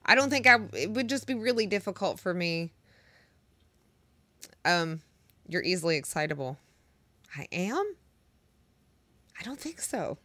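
A young woman streaming music, chatting with her viewers in a flat, deadpan, monotone way. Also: on the low side, normal speed, long pauses, no echo. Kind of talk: casual chat with live chat.

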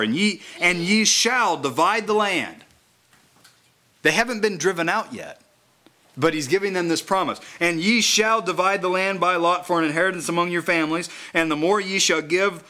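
A man with a bright, fairly high voice preaches a sermon at a small house church gathering. He reads scripture slowly and deliberately, then talks through its meaning in a relaxed, conversational way.

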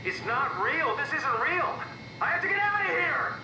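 A man's voice: big pitch swings, normal speed, heavily acted. An actor voicing a confused, frightened man waking in a simulation in a video game, his questions turning frantic. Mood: panicked. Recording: echoey, distant game audio over rumble.

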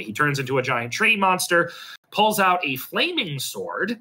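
A man's voice: a little high, sing-song, normal speed, sharp tone, husky. A man casually retelling a role-play episode over a voice call, hesitant and full of ums and restarts. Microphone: computer mic on a voice call.

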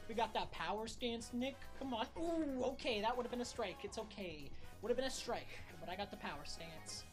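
A woman's voice: on the high side, expressive, fairly quick, over music. A woman streamer swearing and muttering at a baseball video game as she plays, exasperated and a bit out of breath. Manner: profane, exasperated, talks to the game. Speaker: gaming streamer. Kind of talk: casual gameplay commentary.

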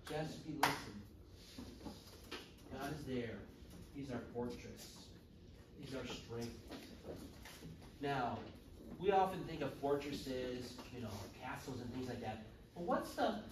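A man teaching a church confirmation class, asking the students questions and acting out the voices in the story. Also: medium pitch. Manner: animated, acts out story voices. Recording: echoey room from far off, noisy.

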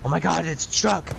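Teasing gamer man with a gravelly voice. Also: high-pitched, heavy background noise. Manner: teasing, dry. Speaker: gamer co-commentating. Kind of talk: casual gameplay chat.

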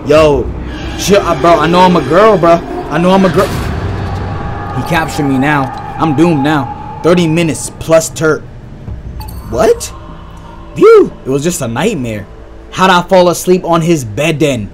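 A young man giving excitable, slang-heavy let's-play commentary on a horror game and reacting loudly to scares. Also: on the high side, unhurried, music in the background. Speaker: gaming YouTuber.

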